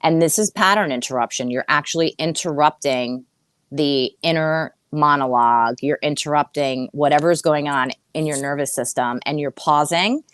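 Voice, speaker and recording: A woman's voice: low voice, moderate pace, clear, resonant tone, no echo. A woman therapist, a guest on a podcast, explaining ideas earnestly with frequent restarts and rhetorical questions. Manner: steady teaching flow with rhetorical questions.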